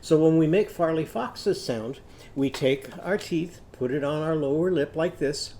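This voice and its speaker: A man teaching a children's phonics lesson, patiently sounding out words slowly for young learners. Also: fairly high pitch, mellow. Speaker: literacy teacher.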